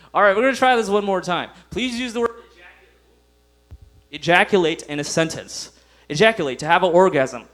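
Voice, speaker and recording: A man's voice: sits high, animated, a little fast, long pauses, a bit bright. A young man performing a stand-up comedy set, laughing at his own jokes and acting out voices. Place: comedy club stage.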